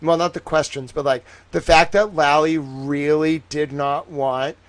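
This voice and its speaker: A man with a fairly high voice rambles through a casual livestream. He jokes and mocks himself as he goes, talking loose and off the cuff. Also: fairly even intonation, measured pace. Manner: joking, rambling, self-mocking. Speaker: livestream host.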